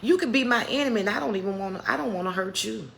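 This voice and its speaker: A middle-aged woman gives a motivational faith talk straight to her viewers, preaching and calling them "baby". Her voice is bright and edgy with a gravelly fry at the ends of phrases, and a faint hum of room noise sits behind her. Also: mid-range voice, rapid-fire. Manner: preacherly, calls viewers "baby", greets chat by name. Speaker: live stream host.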